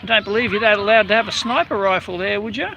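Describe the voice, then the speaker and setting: A man's voice: high voice, fast, creaky, bright, forceful tone, lo-fi sound, slight background noise. An Australian man hosting a casual outdoor live stream, chatting and greeting viewers by name in a rambling way. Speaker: livestream host.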